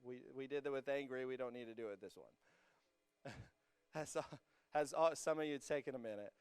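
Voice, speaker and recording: A young man preaching to a student congregation, energetic and joking with the crowd, rising to emphatic peaks as he reads scripture. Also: mid-range voice, moderate pace, clean tone, no room sound. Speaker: youth pastor. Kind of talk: sermon. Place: church hall with a student congregation.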